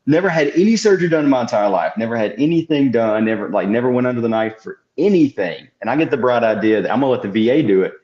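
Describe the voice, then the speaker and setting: Guy in his 20s or 30s telling a story, bouncy and animated, kinda muffled audio. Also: mid-range voice, fast talker, few pauses. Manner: animated storyteller, acts out quotes. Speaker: podcast co-host. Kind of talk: casual chat, storytelling. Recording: dull lo-fi audio.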